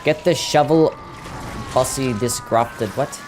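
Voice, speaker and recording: A young Australian man streams a game and chats with an Australian accent. He talks in a relaxed, sweary way, and his pitch swings up and down a lot. Faint game music plays under his desk-mic voice. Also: normal speed, pauses often. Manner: laid-back and sweary, chatting to viewers. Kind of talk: casual chat while gaming.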